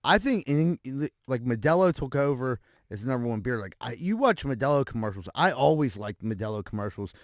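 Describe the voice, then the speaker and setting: Fast-talking man in casual podcast chat. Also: medium pitch, expressive, no echo, clean studio sound. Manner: chatty, quick follow-up questions. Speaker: podcast co-host.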